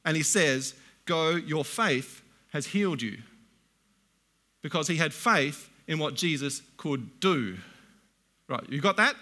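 A middle-aged man preaching a sermon, reading scripture slowly and deliberately, then explaining it in plain, conversational asides. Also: on the high side, expressive, bright, forceful tone.

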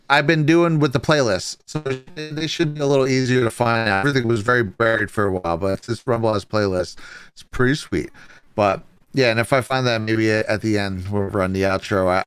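Give me a chatty male livestream host with a crisp voice, tossing off casual remarks between viewer comments. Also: lowish voice, moderate pace, no room sound. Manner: chatty, laughs often, says dude a lot. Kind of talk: casual political chat.

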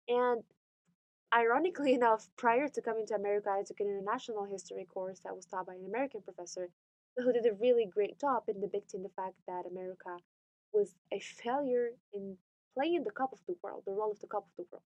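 A young Moroccan woman speaks candidly in an interview, animated and sardonic, laughing often. Her voice is medium-pitched and fast, with no echo.

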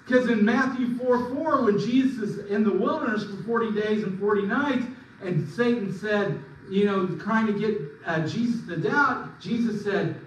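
A man preaching a sermon as pastor, emphatic, swinging between loud and soft. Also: normal speed, a little hiss or hum. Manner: emphatic preaching with sudden swings in pitch and volume. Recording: echoey room, mic at a distance.

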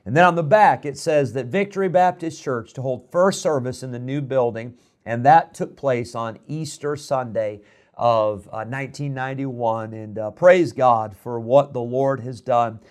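Unhurried male pastor reminiscing. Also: medium pitch, a little mellow. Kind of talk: church announcement.

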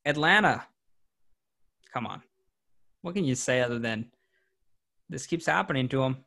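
Young guy on a sports podcast, rambly, teasing his buddies, normal pitch. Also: lively intonation, gravelly, bright, forceful tone. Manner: teasing, rambling, quick jokes at his co-hosts. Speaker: podcast co-host. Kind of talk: casual sports chat.

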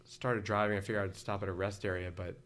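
On a podcast, a guest in his forties who once sang in a band spins long, easygoing stories and wanders as he goes. He's from the Philadelphia area and talks fast in a lowish, slightly bright voice with little pitch movement.

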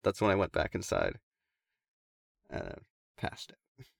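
A man's voice: low voice, big pitch swings, a little slow, vocal fry, no room sound, studio quality. A man casually telling a long story to friends, swearing and laughing as he goes.

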